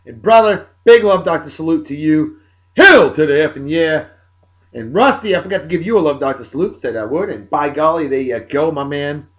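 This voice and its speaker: A man's voice: fairly high pitch, expressive, fairly quick, hardly any pauses. Boisterous New man, lo-fi. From Martha's Vineyard, Massachusetts. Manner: boisterous, salty, hollers catchphrases. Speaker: podcast host giving shout-outs. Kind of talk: casual rambling shout-outs.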